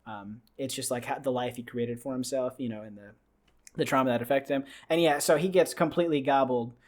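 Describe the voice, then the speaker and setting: A man on a podcast, excitedly retelling a film scene by scene, with lots of fillers and restarts. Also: medium pitch, a little fast. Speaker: podcast host. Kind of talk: casual podcast chat.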